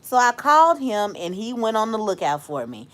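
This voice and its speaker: Woman host, live-stream storyteller; very lively, sing-song pitch, quick to laugh, mimics the people in her story. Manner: animated, laughs often, acts out quoted voices. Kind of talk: casual storytelling to a live chat.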